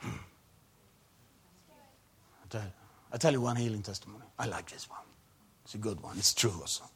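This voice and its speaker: With a lowish voice at a normal speed, a man preaches a sermon and shares a testimony in non-native English phrasing. He shifts between quiet storytelling and loud, emphatic preaching.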